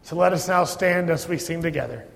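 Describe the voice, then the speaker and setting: A man's voice: on the high side, brisk, creaky. A man leading a church service, earnestly inviting the congregation to come forward for a blessing. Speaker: pastor leading worship. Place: church sanctuary. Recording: church sanctuary with long reverb.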